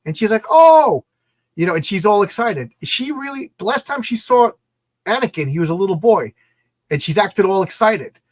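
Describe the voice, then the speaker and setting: A man in casual podcast chat, animated, acting out quoted lines in different voices. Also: high voice, brisk, no echo. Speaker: podcast co-host.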